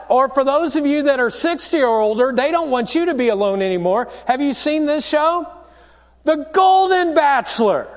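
A pastor preaching a sermon, telling a story with jokes and speaking straight to the congregation. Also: male voice, extremely high pitch, big-room sound. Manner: storytelling, joking, direct to the congregation. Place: church.

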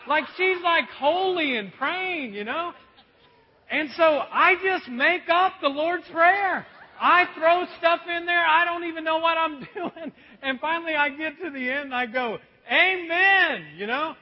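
A man pastor telling a story in a sermon, animated and poking fun at himself. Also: extremely high pitch, measured pace. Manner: animated, self-mocking storytelling. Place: church auditorium. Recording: dull echoey hall recording.

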